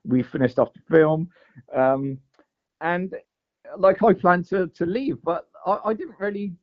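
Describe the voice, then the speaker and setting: A man's voice: high-pitched, measured pace. A man telling a long fishing story in a casual, rambling way, full of "mate" and "like". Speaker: guest angler. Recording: dull lo-fi audio.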